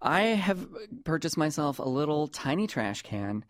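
A man hosting a comedy podcast, talking in a playful, rambling, animated way. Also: a little high, measured pace. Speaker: podcast host. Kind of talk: casual comedic chat.

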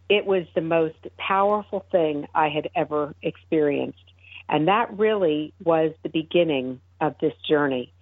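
A woman's voice: low-pitched, no echo. A middle-aged woman, a guest on a radio show, earnestly telling a personal faith story with frequent fillers and restarts over the phone. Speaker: guest, founder of an advocacy group. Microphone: telephone. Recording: tinny, dry phone line.

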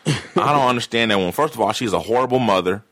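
A man's voice: mid-range voice, animated, fast, fairly bright tone. A man from California co-hosting a podcast, chatting loosely and profanely, recapping scenes with playful impressions. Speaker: podcast co-host. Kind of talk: casual chat.

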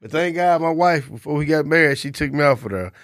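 A man's voice: fairly high pitch, animated, fast, no echo, studio quality. A man, co-hosting a casual chat and telling a long personal story in a laid-back, profane way. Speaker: podcast co-host.

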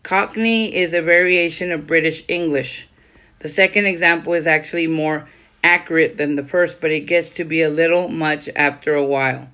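A woman's voice: sits low, steady tone, normal speed, a bit bright. A woman podcast host reading aloud from a book on writing, breaking off for loose conversational comments. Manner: reads steadily, then adds loose conversational comments. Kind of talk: reading a writing guide aloud with casual asides.

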